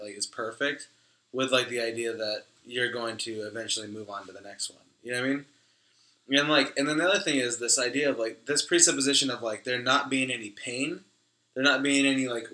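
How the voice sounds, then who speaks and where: Bright man in an echoey room. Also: medium pitch. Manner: says "like" and "you know what I mean" often. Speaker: podcast co-host. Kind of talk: casual discussion.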